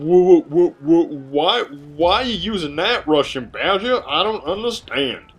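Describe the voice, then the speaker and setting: A young man giving casual, joking gameplay commentary with rambling, chatty asides. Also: medium pitch. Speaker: gaming video commentator.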